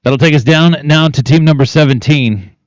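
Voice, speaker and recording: Announcer calling team penning runs. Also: male voice, on the high side, normal speed, no echo, muffled recording. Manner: rattles off times, teams and cattle numbers. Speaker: arena announcer. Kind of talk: live event announcing.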